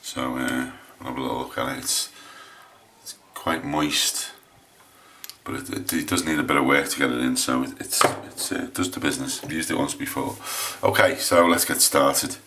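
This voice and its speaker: English man, very deep voice, bright forceful tone, hesitant casual shaving chat. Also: steady tone, moderate pace, slight background noise. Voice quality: low voice. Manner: rambling, hesitant, lots of restarts. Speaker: shaving vlogger.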